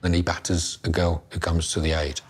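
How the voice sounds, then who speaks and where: A man's voice: deep voice, level tone, brisk, soft background music. A middle-aged man from England, a crime reporter, recounting events in a matter-of-fact way for a documentary interview.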